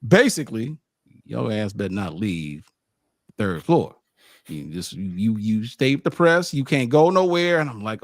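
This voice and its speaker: A man tells a sports-trip story in a casual, animated way, his pitch swinging up and down as he jumps into lively asides. He often stammers and restarts his sentences. His voice sounds close and dry, with little room sound. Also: a little slow, dry recording. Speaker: publisher recounting a game trip.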